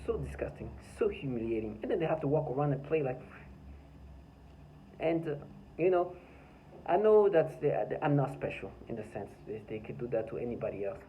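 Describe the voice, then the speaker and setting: A man's voice: mid-range voice, very animated, moderate pace, warm tone, slight background noise, low-quality recording. A man talking by his front door in an agitated, rambling vlog monologue, full of stammered restarts and bitter laughs. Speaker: vlogger.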